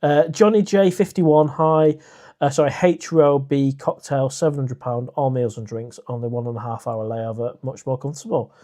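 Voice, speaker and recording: A man's voice: mid-range voice, fairly even intonation, normal speed, warm tone. Chatty man hosting a live stream. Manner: chatty and rambling, with frequent "uh" and restarts. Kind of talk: casual live stream chat, reading viewer comments.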